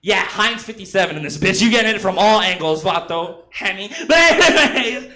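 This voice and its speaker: A man's voice: high voice, lively intonation, normal speed, sharp tone. A man in his twenties from San Jose performing a crude, rambling, self-mocking stand-up set full of swearing. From San Jose, California. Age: 20s. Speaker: stand-up comedian. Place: comedy club stage.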